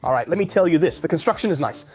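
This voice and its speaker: A man's voice: a little high, animated, racing, slightly rough, soft background music. Enthusiastic man tasting food. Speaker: taster. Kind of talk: casual chat.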